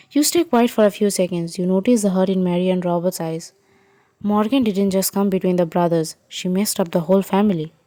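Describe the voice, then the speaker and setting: A woman narrating a second-person fan fiction story in an even, unhurried way. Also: mid-range voice, no echo.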